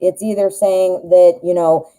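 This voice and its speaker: A woman doing a live tarot reading in a very dark, mellow, lowish voice. She talks in a chatty, reassuring way, thinking aloud with lots of ums as she lays out the cards. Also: flat delivery, a little slow, low-quality recording. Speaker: tarot reader.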